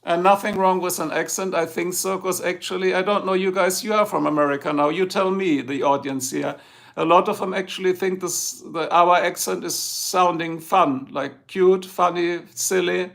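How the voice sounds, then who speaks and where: Steady in tone and fairly bright, this middle-aged German man's gravelly, somewhat high voice moves at an ordinary pace as he hosts a live stream. His English carries a clear German accent, and his loose, casual rambling keeps circling back to talk straight to his chat.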